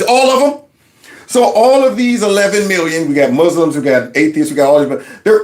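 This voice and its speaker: A man hosting casual political commentary, talking in an animated, mocking way and laughing often. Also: high-pitched, fairly quick. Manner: quotes others in a mock voice. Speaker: commentary host.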